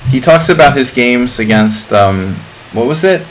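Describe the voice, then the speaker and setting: A man's voice: medium pitch, animated, measured pace, slight background noise, poor audio. A middle-aged man streaming chess, chatting casually in a rambling way with lots of fillers. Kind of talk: casual live-stream chat.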